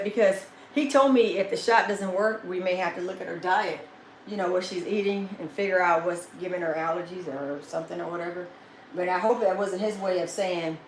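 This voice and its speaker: Woman in her fifties, casual livestream host, laughs a lot, baby-talks her dog; roomy echo, faint background hum. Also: fairly low pitch. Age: 50s. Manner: chatty, laughs often, coos at her dog. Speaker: vlogger hosting a live chat. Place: indoors, at home with her dog. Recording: echoey room with faint ambience.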